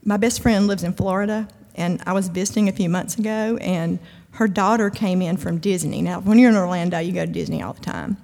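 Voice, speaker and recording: A woman's voice: lowish voice, fairly even intonation, brisk, gravelly, few pauses, darkish tone. A woman giving a conversational, emphatic sermon-style talk at a church event, with humor and frequent asides. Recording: long hall reverb.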